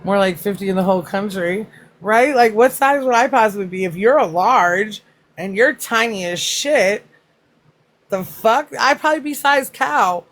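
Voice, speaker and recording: A woman's voice: mid-range voice, moderate pace. Laughing, foul-mouthed woman livestreamer. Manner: laughs often, swears freely, loud joking asides. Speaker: livestream host. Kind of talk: casual live chat reacting to comments.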